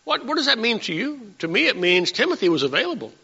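A high, lively male voice that swings up into emphatic peaks and has a gravelly edge. He is a pastor preaching to his congregation and often stumbles and restarts mid-phrase. The sound is bright but dull and lo-fi, with long reverb from the church hall. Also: quick pace. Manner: animated, rising to emphatic peaks, with frequent restarts. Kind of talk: sermon. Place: church sanctuary.

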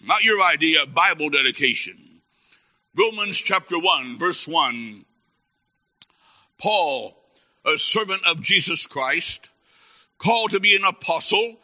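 A man preaching a humorous sermon as a Baptist preacher, telling stories with mock excitement and then dropping to soft, earnest tones. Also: on the high side, dull audio.

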